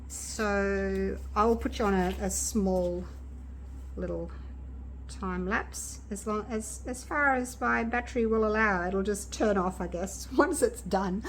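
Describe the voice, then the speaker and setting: A woman vlogging from her home craft studio, chatting excitedly and talking straight to her viewers. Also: mid-range voice, slight background noise. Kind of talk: casual vlog narration.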